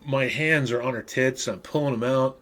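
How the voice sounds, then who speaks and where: A man's voice: medium pitch, moderate pace, a bit bright. A man in his fifties, a podcast host, rambling through crude stories in casual monologue and laughing at himself.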